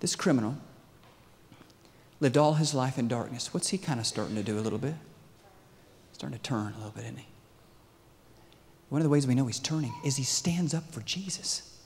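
Man preaching a sermon, animated, questions to the crowd, long reverb of a big hall. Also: mid-range voice, brisk, long pauses. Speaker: pastor.

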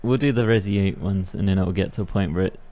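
A man's voice: deep voice, fast, dark tone. A man co-player chatting casually and chuckling along. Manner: laid-back, chuckling. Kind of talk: casual chat.

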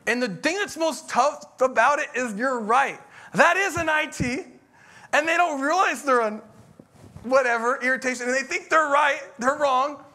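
A man's voice: extremely high pitch, normal speed, bright, forceful tone. A middle-aged man, a pastor, preaching a conversational sermon that rises into emphatic bursts.

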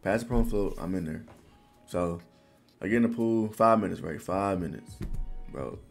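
A young man in his twenties tells a story in loose, animated slang and keeps saying "bro". His voice sits a bit low and has a gravelly fry. Faint music plays underneath. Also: moderate pace. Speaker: vlogger. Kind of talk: casual storytelling.

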